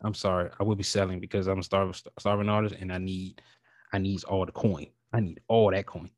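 A man hosting his own podcast in a casual, rambling way, talking with animated feeling and casual swearing. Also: low-pitched, no echo, clean studio sound. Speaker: podcast host. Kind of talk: casual solo podcast talk.

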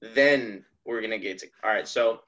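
A young man co-hosting a podcast, chatting casually and trading sarcastic deadpan jokes. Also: lowish voice, normal speed, dull audio. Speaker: podcast co-host. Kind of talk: casual chat.

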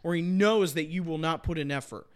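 Casting note: young male sports podcast host, slightly high-pitched, fired-up and emphatic, hammers his points home. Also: a little fast. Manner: impassioned, emphatic, repeats points. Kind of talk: casual sports chat.

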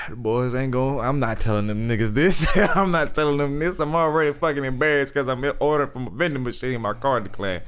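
Bright, insistent young man. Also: medium pitch, brisk, clean tone. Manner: loud, heated, insistent. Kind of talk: casual chat.

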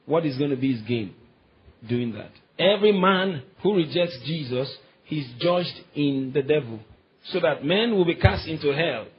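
A man's voice: fairly high pitch, lively intonation, moderate pace, breathy edge, muffled recording. A man preaching a sermon, quoting scripture and calling on the congregation to answer back. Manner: preaching with scripture quotes and call-and-response. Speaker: pastor.

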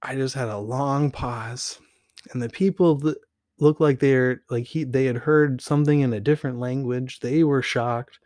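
Animated man telling a story. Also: medium pitch, moderate pace, no echo, studio quality. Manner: animated, rambling, frequent fillers. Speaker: podcast host. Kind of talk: casual personal storytelling.

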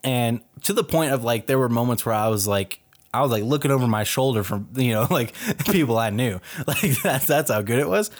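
A man's voice: mid-range voice, animated, fairly quick. A young man from Texas co-hosting a podcast, chatting casually about a film with many fillers and frequent laughs. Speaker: podcast co-host.

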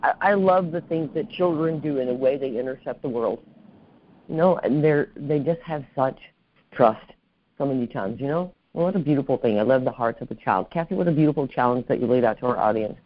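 Male podcast host, effusive, chatty, mid-pitched voice, dry muffled audio. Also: brisk, no room sound. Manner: effusive, warm thanks, repeats "right?". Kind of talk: casual interview chat.

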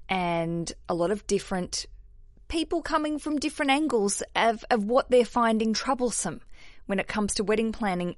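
A woman with an Australian accent hosting a podcast, chatty and self-mocking, jumping between energetic bursts and low asides. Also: no echo, studio quality. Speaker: podcast host. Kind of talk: casual solo podcast chat.

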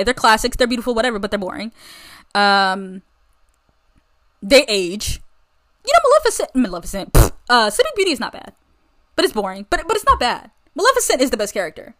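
A woman's voice: a little high, a bit bright. A young American woman hosting a podcast, chatting in a rambling, enthusiastic way about a movie. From United States. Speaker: podcast host. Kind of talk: casual solo movie review chat.

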